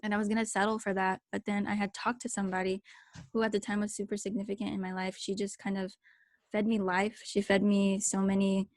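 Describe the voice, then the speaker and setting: Young female podcast co-host, animated storyteller, dry close sound. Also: medium pitch, brisk, no room sound. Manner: animated storytelling, many fillers. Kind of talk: casual chat.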